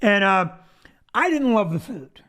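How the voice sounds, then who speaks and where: A man's voice: high voice, big pitch swings, measured pace, bright, forceful tone. A middle-aged man, a comedian co-hosting a casual chat show, talking bluntly and jokingly. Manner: jokey and blunt, slips into silly voices. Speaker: comedian co-host.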